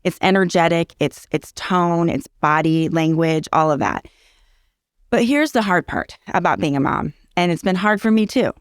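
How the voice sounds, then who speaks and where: A woman's voice: lowish voice, lively intonation, moderate pace, no echo. Earnest teacherly woman, dry close sound. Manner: earnest, teacherly, repeats key phrases for emphasis. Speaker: early childhood educator and parenting guest. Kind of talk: casual interview explaining parenting.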